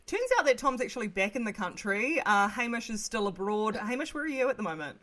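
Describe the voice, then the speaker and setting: A woman hosting a casual podcast, upbeat and quick to laugh, steering the chat. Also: fairly high pitch, lively intonation, bright, forceful tone, faint music behind. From New Zealand. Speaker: podcast host.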